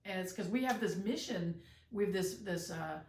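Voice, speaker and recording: A woman's voice: medium pitch, normal speed, darkish tone. A middle-aged woman co-hosting a podcast, talking in a reflective way with many fillers and restarts. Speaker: podcast co-host, mother. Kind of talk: casual chat. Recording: roomy, distant from the mic.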